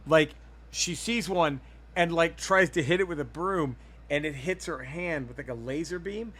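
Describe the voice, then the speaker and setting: A man's voice: on the high side, moderate pace, a bit bright, slightly rough, no echo. A man hosting a podcast in casual chat, rambling and profane as he tells a story. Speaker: podcast host.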